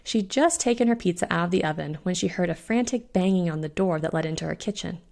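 A woman reading her own short story aloud in a steady, expressive storytelling voice. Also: lowish voice, fast, creaky. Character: witch Fiona voiced in own voice.

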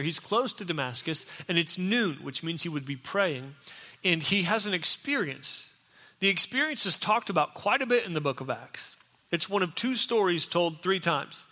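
A pastor giving a sermon, telling the story in a conversational way and acting out what people said. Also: male voice, high-pitched, bright, forceful tone. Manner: storytelling, conversational, acts out quotes. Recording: echoey hall.

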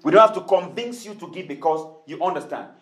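High-voiced preaching man in an echoey church. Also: animated, quick pace, fairly bright tone. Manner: preaching with call-and-response amens, then leading prayer and speaking in tongues. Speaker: pastor. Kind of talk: sermon. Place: church hall.

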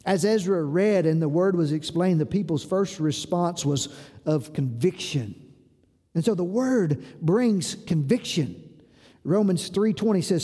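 A man's voice: high voice, mellow. A male pastor delivering a sermon in an earnest, exhorting manner, often breaking in with "listen.". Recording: long reverb of a hall.

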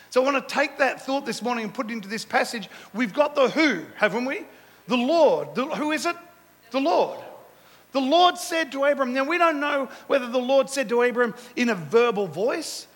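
Pastor guy, really high voice, big echoey church, gets the crowd to answer back. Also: a bit bright. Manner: call-and-response with the congregation; repetitive, emphatic preaching. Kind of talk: sermon. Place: church hall. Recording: echoey church hall with long reverb.

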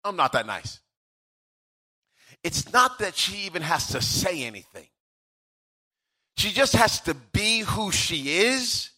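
High-voiced preaching man. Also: sing-song, a little slow, bright, forceful tone. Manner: preaching with swelling, sung-out emphasis. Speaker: pastor. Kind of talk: sermon.

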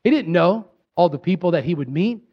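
A man in his thirties, a pastor preaching a sermon emphatically, talking directly to his congregation and rising into excited bursts. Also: high voice, brisk, highs cut off. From Pennsylvania. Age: 30s.

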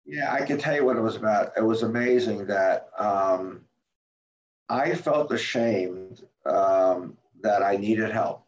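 An older man speaking as a guest about his life, halting and repeating words, acting out quoted lines in a livelier voice. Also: lowish voice. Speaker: guest, author and former medical center president. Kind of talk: candid interview talk. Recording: dull roomy remote recording.

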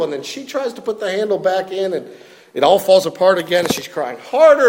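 A middle-aged man preaching a sermon, telling a story and swinging between loud appeals and quiet, soft passages. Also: sits high, big pitch swings, a little fast. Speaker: pastor.

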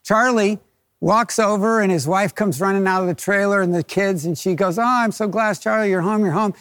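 Male pastor, high voice, animated storyteller, dry sound. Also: moderate pace, dry recording. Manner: storytelling, acts out quoted voices. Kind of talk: sermon.

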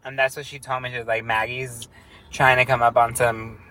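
Bright-voiced teasing man. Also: level tone, moderate pace. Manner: teasing, breaks into high laughs. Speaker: podcast co-host. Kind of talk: casual chat.

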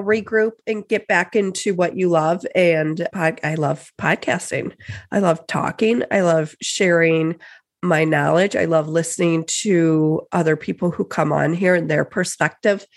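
A young adult woman hosting her own podcast, talking casually and candidly, swearing freely and getting excited. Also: fairly low pitch. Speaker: podcast host. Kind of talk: casual solo podcast talk.

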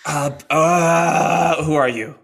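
A man's voice: drawn-out words, gravelly, a bit bright, full character voice. A man voicing a nervous, chatty male horse with a Southern drawl in a tabletop game, rambling and jumpy. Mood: startled. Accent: American Southern. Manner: skittish, rambling, high-pitched when startled. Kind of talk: tabletop role-play.

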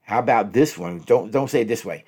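A man working as a relationship counselor, giving advice and acting out example phrases, repeating each one twice in an animated way. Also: lowish voice, a little fast, slightly rough. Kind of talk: advice talk with spoken examples.

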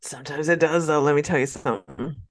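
A woman from California co-hosts a casual podcast and tells her stories with candid, dramatic flair, laughing often. Her voice sits on the low side for a woman. The recording is dry and close. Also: steady tone, fast, dry recording. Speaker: podcast co-host. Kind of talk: casual chat.

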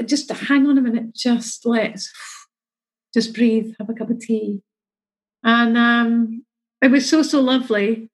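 A middle-aged woman tells a personal story in a chatty, emotional way. Her voice sits a bit high and has a husky edge. She slips into the voices of the people she quotes. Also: fairly even intonation, a little slow, pauses often, rough recording. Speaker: mother sharing her story. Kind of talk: casual storytelling.

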